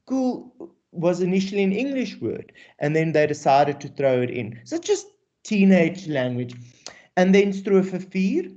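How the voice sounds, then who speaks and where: Lively South African male teacher. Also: on the high side, takes it slowly. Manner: animated, mixes English and Afrikaans, rhetorical questions. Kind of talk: classroom poetry lesson. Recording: dull lo-fi recording.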